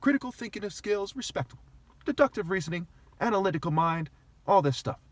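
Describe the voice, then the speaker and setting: A man with a high, husky voice delivers an aggrieved, argumentative monologue to his viewers, peppered with swearing. The sound is close and dry, with no room echo at all. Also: expressive, quick pace. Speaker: vlogger. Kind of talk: agitated ranting monologue.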